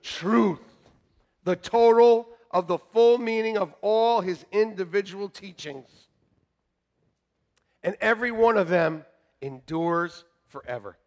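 A male pastor preaching a sermon to his congregation, joking with them and moving between quiet asides and shouted emphasis. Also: sits high, slow pace. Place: church sanctuary.

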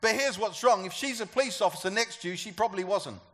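A pastor with a high-pitched, slightly bright voice preaches quickly to a church gathering. He keeps the sermon conversational and puts questions to the congregation.

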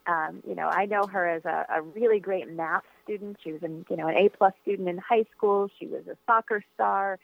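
A woman's voice: medium pitch, a little fast, creaky, few pauses, dry recording. A woman author answering interview questions, telling a personal story in an earnest, reflective way with frequent fillers and restarts. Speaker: author, guest. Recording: tinny phone line, dry.

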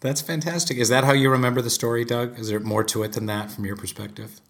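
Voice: medium pitch, steady tone, fast. An interview host with a mid-range voice asks the guests questions. The host sounds curious and engaged. The questions are short and direct. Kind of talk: conversational interview.

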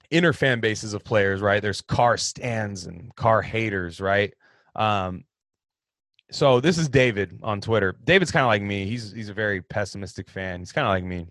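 A man's voice: fairly low pitch, fairly bright tone, no echo. A man hosting a casual sports talk show, giving rambling, opinionated takes on football with frequent restarts. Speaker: sports podcast host.

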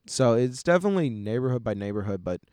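A man's voice: mid-range voice, animated, fast talker, a little mellow, clean tone, no room sound, studio quality. A young man telling travel stories in a casual chat, rambling and acting out quoted voices. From United States. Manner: rambling storyteller who acts out quoted voices.

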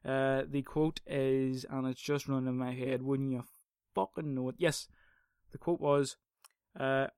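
A man's voice: mid-range voice, little pitch movement, unhurried, a little mellow, smooth, no room sound, studio quality. A young man hosting a casual solo podcast, swearing, rambling and sarcastic. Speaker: podcast host.

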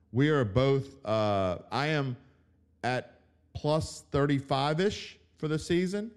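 A man hosting a sports podcast in a fired-up rant. His pitch leaps high on mocking outbursts, then sinks into low, quiet grumbles. He talks in a casual, opinionated way about betting picks. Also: clear, resonant tone. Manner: fired-up ranting, mocking tone, swings from loud outbursts to low mutters. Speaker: podcast host.

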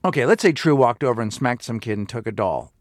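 Brief: male comedy podcast co-host, lively pitch, dry close sound, loose and profane. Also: quick pace, no room sound. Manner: animated, acts out stern parent voices, swears freely. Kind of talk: casual comedic chat.

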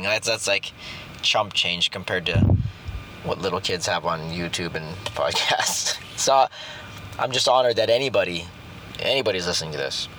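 A man in his thirties hosting a casual faith podcast, talking in halting bursts with restarts and slowed, drawn-out emphasis. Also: low voice, sharp tone, a little hiss or hum. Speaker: podcast host. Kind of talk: casual devotional podcast talk.

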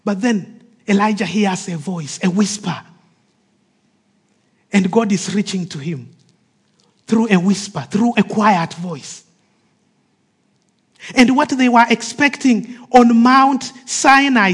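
A man preaching a sermon with emphatic delivery that drops to soft, hushed phrases, acting out the voices of the people in his stories. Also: sits high, breathy edge. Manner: acts out quoted speech of the people in his stories.

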